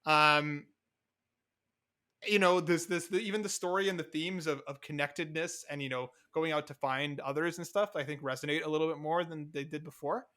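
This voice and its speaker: A young adult man co-hosting a casual podcast, talking fast and animated, often cutting in over his co-host. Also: fairly high pitch.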